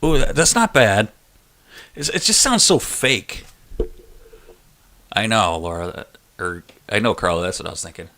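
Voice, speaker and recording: A man's voice: on the low side, animated, moderate pace, long pauses, pushed and bright. A man hosting a casual live chat stream, joking and laughing with viewers as he reads their messages. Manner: chatty and joking, laughs often.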